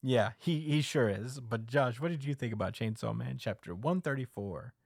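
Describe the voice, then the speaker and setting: A man hosts a laid-back podcast, retelling scenes and slipping into the characters' lines. His voice sits at a middle pitch. The sound is dry and close, with no room around it. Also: moderate pace, creaky, darkish tone, dry recording. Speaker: podcast host. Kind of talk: casual manga recap chat.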